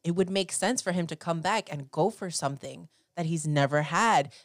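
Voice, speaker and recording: A woman co-hosting a wrestling podcast, telling animated stories and acting out her family. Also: on the low side, moderate pace, dry recording, clean studio sound. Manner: animated storyteller who acts out family members. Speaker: podcast co-host. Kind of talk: casual chat.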